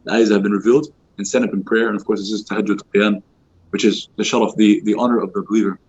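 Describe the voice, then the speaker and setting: A husky, slightly low-voiced man rattles off a casual religious lesson for young people at a very fast clip, full of "you know" and "like." The recording is dull and lo-fi. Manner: fast, informal, many fillers like "you know" and "like"; acts out quoted speech in lively voices. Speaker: youth halaqah teacher. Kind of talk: casual religious talk to youth. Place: mosque hall.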